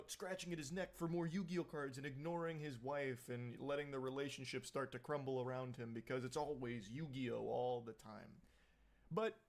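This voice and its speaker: A man's voice: a little high, a little mellow. A man giving wry, sarcastic commentary on a video.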